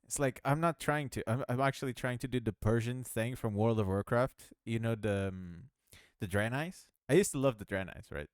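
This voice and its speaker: In studio-quality audio without echo, a game developer speaks at normal speed in a smooth, medium-pitched voice. He rambles through casual devlog commentary as he works, laughing frequently and mocking himself.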